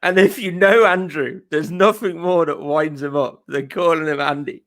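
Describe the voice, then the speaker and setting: A chatty man co-hosting a casual podcast, often laughing as he tells a story. His voice sits a little high. He speaks in a relaxed, conversational way. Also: normal speed. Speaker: podcast co-host.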